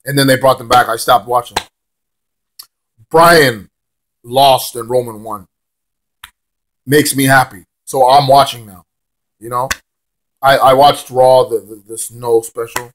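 Hoarse young man ranting. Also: mid-range voice, fairly even intonation, takes it slowly, pauses often, fairly bright tone. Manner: stammering, repeats words, profane and blunt. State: hoarse, lost his voice. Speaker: wrestling fan vlogger. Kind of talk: casual ranting monologue.

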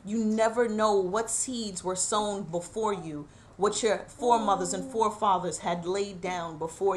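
A woman's voice: mid-range voice, slight background noise. A middle-aged woman host giving an earnest, encouraging personal talk, emotional and holding back tears. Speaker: show host.

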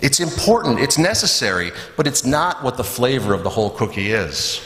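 A man voicing a kind, chatty churchwoman who explains things gently, recorded in an echoey church. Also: medium pitch, very animated, fairly quick. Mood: playful. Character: warm, chatty middle-aged churchwoman. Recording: echoey church with long reverb.

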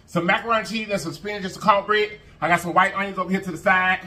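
A man's voice: high voice, rapid-fire. A man hosting an eating show, chatting to viewers and humming as he tastes. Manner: animated, savoring with hums and mm-hmms; chatty, calls viewers y'all and baby. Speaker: food vlogger.

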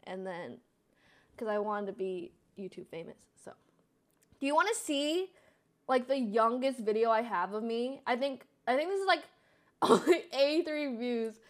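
High-voiced woman streamer. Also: moderate pace. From United States. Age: 20s. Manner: animated, loud embarrassed exclamations and swearing. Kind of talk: casual chat reacting to old videos.

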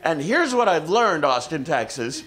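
A man doing a stand-up comedy set, telling stories in a halting, awkward way with deadpan self-mockery. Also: a little high. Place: comedy club stage with audience laughter.

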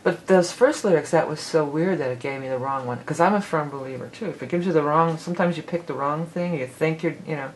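A woman's voice: sits low, quick pace, few pauses, darkish tone, slight background noise, poor audio. A woman giving a casual tarot forecast, rambling and correcting herself as she goes, with the odd laugh. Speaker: tarot reader.

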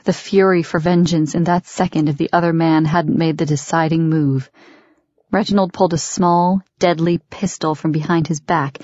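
A woman reading a romance novel as an audiobook in a steady, measured way. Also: on the low side, no room sound, highs cut off. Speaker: audiobook narrator. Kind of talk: scripted audiobook narration.

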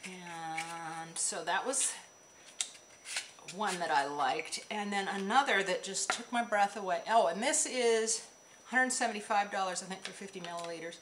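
A woman's voice: mid-range voice, normal speed, background noise. Woman vlogger, casual chat, rambling, chatty, asides, showing items to camera.

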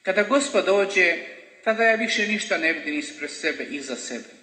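A man speaking to a congregation in short phrases, pausing for an interpreter to translate each one. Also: sits high, expressive, pushed and bright. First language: Croatian. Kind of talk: talk in church, paused for interpreting. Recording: echoey hall, voice roomy.

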